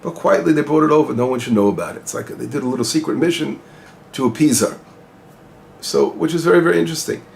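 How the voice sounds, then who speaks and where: A man's voice: fairly high pitch, fast, vocal fry, darkish tone, slight background noise. A male rabbi giving an informal Torah lesson, explaining Hebrew phrases and translating them as he goes, asking questions and answering them himself. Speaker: rabbi teaching the weekly Torah portion.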